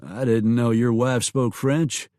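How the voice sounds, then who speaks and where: A man's voice: medium pitch, fairly even intonation, slow pace, darkish tone, dry recording, clean studio sound, natural voice. A man voicing a blunt, teasing small-town sheriff in a Western audiobook. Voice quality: wry, blunt.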